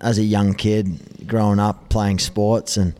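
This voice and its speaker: A man's voice: on the low side, level tone, slow, warm tone, clean tone. An Australian man talking as a podcast guest, earnest and reflective, telling his story in candid, conversational speech. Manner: earnest, reflective, says "mate" often.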